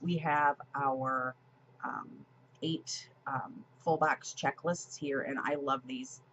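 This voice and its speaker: A woman's voice: very deep voice, slow pace, a bit bright, slight background noise, low-quality recording. A woman chatting casually through a plan-with-me for her planner, with lots of ums and small laughs. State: a little choked up with emotion. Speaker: planner vlogger.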